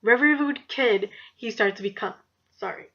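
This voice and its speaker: A woman's voice: fairly high pitch, moderate pace, sharp tone. A young woman telling a story on her vlog, chatty and blunt and swearing freely. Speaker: vlogger. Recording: dull lo-fi recording.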